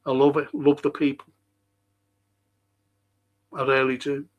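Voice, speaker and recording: A man's voice: monotone, a little slow. Ranting Scouse man, swearing freely. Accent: Liverpool (Scouse). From Liverpool. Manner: ranting, swears freely, voice jumps much higher when heated. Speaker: show host. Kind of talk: casual monologue.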